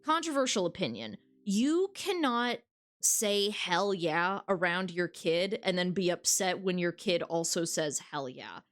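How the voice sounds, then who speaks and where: A woman's voice: lowish voice, expressive, unhurried. Chatty woman game streamer. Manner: casual, chatty, frank, swears freely, many restarts. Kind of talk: reading a dating game aloud and chatting with viewers.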